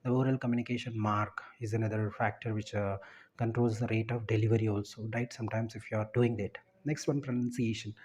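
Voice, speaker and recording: A man's voice: fairly low pitch, fairly even intonation, brisk, a little mellow. A man giving an explanatory lecture, often ending points with a checking "right?".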